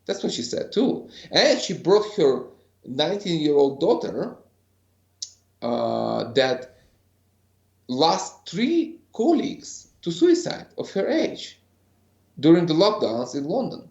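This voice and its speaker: A man's voice: a little high, very animated, slow pace, creaky, a little mellow, reverberant, dull audio. A man being interviewed as a guest, telling an earnest story and acting out what others said. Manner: earnest, re-enacts other people's words in quotes. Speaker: podcast guest, ceremony facilitator.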